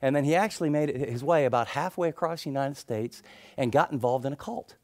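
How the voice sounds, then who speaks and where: A middle-aged male pastor preaching a sermon, telling stories and acting out the people in them, then dropping into soft, intense tones. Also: medium pitch, fast talker. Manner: storytelling, acts out quoted people, drops to soft intense tones.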